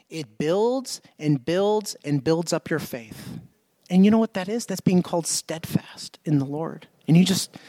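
A man with a high-pitched voice preaches to his congregation, stressing his points by repeating them. He keeps asking the listeners questions. The recording is dry and close. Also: a little mellow, no echo. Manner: emphatic, repeats himself, asks the congregation questions. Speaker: pastor. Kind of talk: sermon. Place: church.

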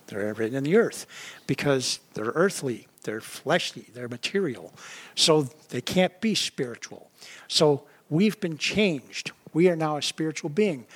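A man who is a pastor, giving a conversational sermon, often checking in with "right?" and "you know", and acting out quoted voices with sudden rises. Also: fairly high pitch.

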